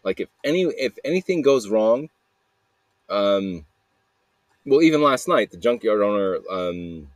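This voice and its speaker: A man's voice: fairly low pitch, sing-song, a little slow, pauses often, no echo. A man hosting a podcast, rambling through a personal monologue with frequent swearing and flashes of anger. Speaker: podcast host.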